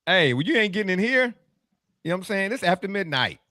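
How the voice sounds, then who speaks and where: High, bright-voiced man hosting sports talk. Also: quick pace, dry recording, studio quality. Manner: teasing, animated, laughs often. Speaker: sports talk show host. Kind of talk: casual sports chat.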